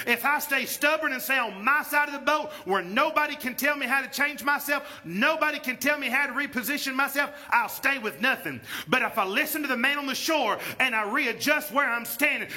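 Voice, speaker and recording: High, bright-voiced pastor preaching. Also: male voice. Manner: call-and-response preaching, rising to shouts. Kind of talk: sermon. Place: church sanctuary.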